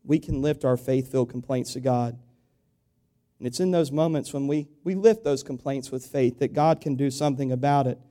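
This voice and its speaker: A man preaching a sermon to his congregation, speaking conversationally and asking them rhetorical questions, building up in volume and then dropping to a quiet, confiding tone. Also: mid-range voice, moderate pace. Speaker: pastor.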